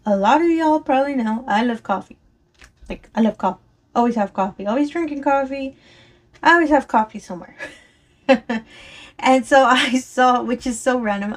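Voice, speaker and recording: A rambling, chatty woman with a twang talks while crafting, her voice slightly high and a touch strained. She apologizes often and keeps things loose and casual. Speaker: crafting vlogger. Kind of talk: casual chat while diamond painting.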